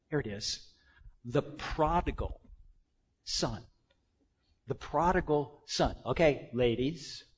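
Lively high-voiced man preaching a sermon. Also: slightly rough, dull audio. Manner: call-and-response, swings from loud exclamations to hushed asides.

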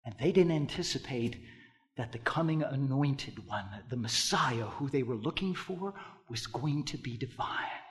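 A male pastor preaching a sermon, dropping to hushed tones and then rising to loud, emphatic bursts. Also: mid-range voice, lively intonation, measured pace.

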